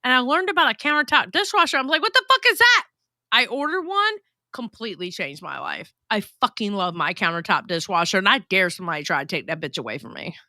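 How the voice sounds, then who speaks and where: A woman's voice: mid-range voice, big pitch swings, fast talker, sharp tone, dry recording, clean studio sound. A woman hosting a casual livestream, reading chat messages aloud and chatting in a blunt, profane, gossipy way.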